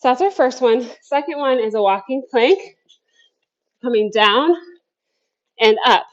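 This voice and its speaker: A fairly high-voiced woman leads a workout from her basement, upbeat and a little out of breath. She counts down each set and chats between moves. The sound is dull and lo-fi. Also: expressive, a little slow. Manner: upbeat coaching with counting cues and chatty asides. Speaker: fitness instructor. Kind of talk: workout class instruction. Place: home basement.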